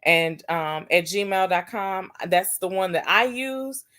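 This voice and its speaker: A woman hosting a casual livestream, chatting warmly and answering viewers' comments one by one. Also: medium pitch, animated, slow. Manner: affectionate, calls viewers baby and sis. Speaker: livestream host.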